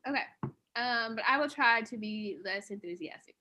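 A woman's voice: a little high, lively intonation, normal speed, bright, forceful tone. A woman co-hosting a podcast, upbeat as she introduces the guest and asks her questions. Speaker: podcast co-host. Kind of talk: casual podcast chat.

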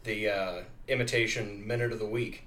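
A man's voice: lowish voice, fairly even intonation, normal speed, sharp tone, distant mic. A man co-hosting a casual comedy podcast with laid-back, dry remarks. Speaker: podcast co-host.

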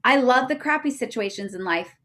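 A woman in her thirties, a podcast guest telling a personal story in a chatty way, full of fillers and getting loud when excited. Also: a little high, a little fast.

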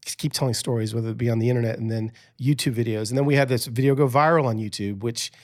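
A man who is a podcast guest, telling stories in a chatty, animated way with many restarts. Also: medium pitch, fast talker. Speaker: podcast guest, author and speaker. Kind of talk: casual storytelling interview.

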